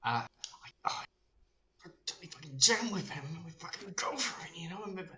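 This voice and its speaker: A game master voicing an excitable young fan in a crowd who rambles in a hushed voice during a tabletop game. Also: mid-range voice, fairly quick, slight background noise. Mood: rambling.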